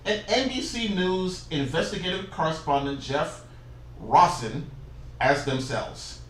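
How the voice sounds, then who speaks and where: A man's voice: fairly high pitch, a little slow, recorded from a distance, a little hiss or hum. A young man co-hosting a casual chat show, reading out a cast list with dry jokes. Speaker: co-host. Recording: echoey room, voice off-mic.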